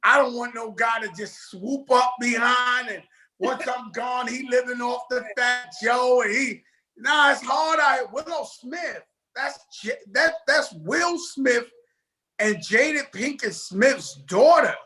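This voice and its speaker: A man's voice: extremely high pitch, slow, sharp tone. A middle-aged man with a New York accent, talking loosely and jokingly as a guest on a video call. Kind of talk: casual interview talk.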